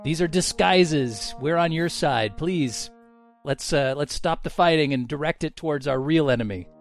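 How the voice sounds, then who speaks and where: Man playing a hooded adventurer, pleading, urgent, slightly high voice, tabletop game. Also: moderate pace, soft background music, natural voice.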